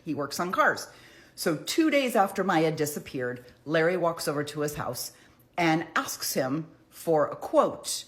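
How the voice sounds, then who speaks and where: A woman with a low voice talks through a trial recap in a chatty, conversational way. She sprinkles in casual asides and leans into retold quotes with emphasis. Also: sing-song, a little slow. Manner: dramatizes quotes with emphatic retellings. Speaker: true crime commentator.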